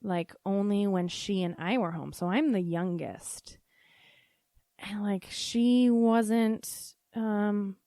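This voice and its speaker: A woman podcast host telling a funny family story in a casual, animated way, laughing often and swearing freely. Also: medium pitch, slow pace, no room sound, clean studio sound.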